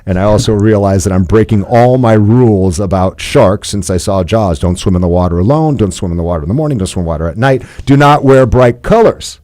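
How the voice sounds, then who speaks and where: Low-voiced animated man in his fifties. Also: fast, hardly any pauses, dry recording. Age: 50s. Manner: animated, playful storyteller who laughs often. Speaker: podcast guest. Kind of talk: personal storytelling in conversation.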